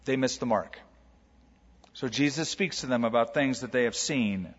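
A man preaching a sermon to a congregation, animated, stretching out key words and putting rhetorical questions to the listeners. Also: medium pitch, moderate pace. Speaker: pastor. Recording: long hall reverb, dull lo-fi sound.

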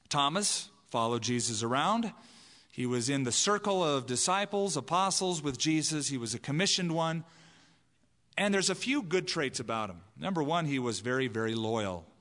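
Speaking at normal speed with lively intonation, a pastor gives a conversational sermon and voices the people he quotes. His medium-pitched voice is fairly bright, and the sound is that of a big room.

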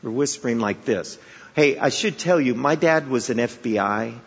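A man's voice: mid-range voice, normal speed, slightly rough. A man from the Chicago area preaching a sermon, telling stories conversationally and with humor, asking the audience rhetorical questions. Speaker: guest preacher. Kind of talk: sermon with storytelling. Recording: echoey hall, dull sound.

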